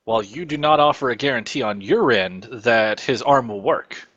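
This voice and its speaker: A man's voice: medium pitch, normal speed, muffled recording, crowd noise. A man playing a tabletop role-playing game, laughing often and stammering as he bargains. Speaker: player. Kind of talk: casual tabletop role-play chat.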